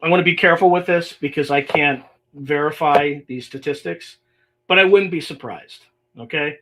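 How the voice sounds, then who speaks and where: A man's voice: on the high side, moderate pace, a bit bright, slight background noise. A man hosting a livestream podcast, talking casually and reading emails aloud with exasperated, sarcastic asides. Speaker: podcast host.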